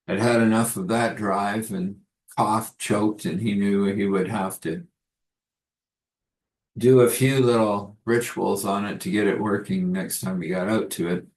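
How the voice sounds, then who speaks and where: A man gently telling a spiritual story and giving a blessing, unhurried and soft-spoken. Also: fairly low pitch, steady tone. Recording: roomy echo.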